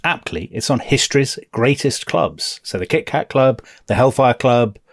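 A man's voice: medium pitch, expressive, moderate pace, no echo, studio quality. A man co-hosting a history podcast, chatty and teasing, with lots of fillers. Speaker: podcast co-host.

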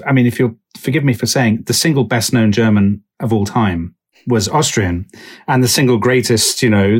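Brief: male co-host, raspy edge, eager interjecting questioner. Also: fairly low pitch. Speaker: podcast co-host. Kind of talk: podcast conversation.

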